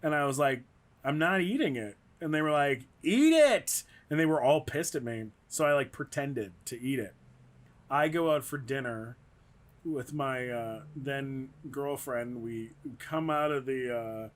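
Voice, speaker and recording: A man's voice: mid-range voice, a little slow. A man, a comedian, telling a rambling story in casual chat and acting out quotes in raised voices. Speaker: guest comedian.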